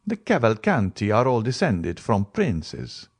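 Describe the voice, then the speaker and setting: A man voicing a calm, worldly nobleman. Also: on the low side, measured pace, breathy edge, heavily acted. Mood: assured. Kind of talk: audiobook character voice.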